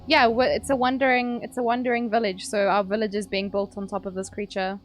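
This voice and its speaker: A woman's voice: medium pitch, level tone, fairly quick, soft background music. A woman streaming a game, chatting casually and swearing while she plays. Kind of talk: casual gameplay commentary.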